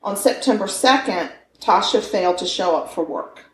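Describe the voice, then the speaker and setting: A woman's voice: medium pitch, lively intonation, normal speed. A woman in her fifties co-hosting a podcast, telling a true-crime story with playful, joking banter. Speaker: podcast co-host. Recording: echoey room with faint noise.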